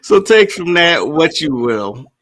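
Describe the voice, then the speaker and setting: Man host, slow talker, bright tone, casual livestream. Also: on the high side. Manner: relaxed, chatty, greets viewers.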